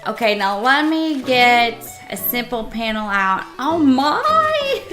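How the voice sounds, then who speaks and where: Bright, unhurried, excitable woman streamer. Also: a little high, soft background music. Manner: excitable, gushing exclamations. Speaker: game streamer. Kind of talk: casual live-stream chat while playing.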